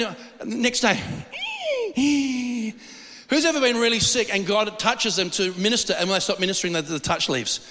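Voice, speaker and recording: A man's voice: high voice, big-room sound. A man preaching a sermon, telling stories animatedly and acting out the voices in them. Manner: animated storytelling with acted-out quotes and laughs. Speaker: pastor.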